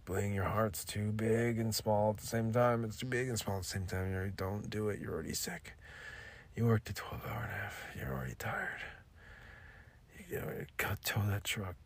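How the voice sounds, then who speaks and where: A man's voice: lowish voice, a bit bright. A man voicing his own nagging inner voice in whispered self-talk, pleading and repeating no and don't do it.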